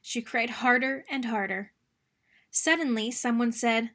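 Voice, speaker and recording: Bright, expressive woman reading aloud. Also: on the high side, measured pace. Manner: expressive, sing-song narration. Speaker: children's book reader. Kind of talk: read-aloud storytelling.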